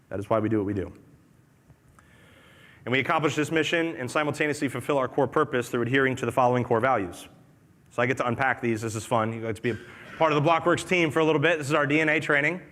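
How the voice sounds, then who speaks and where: An energetic man gives a conference talk to an audience, with a conversational delivery that keeps repeating its key lines. His voice sits at a medium pitch and carries a long reverb from a large hall. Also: fast talker. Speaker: company presenter.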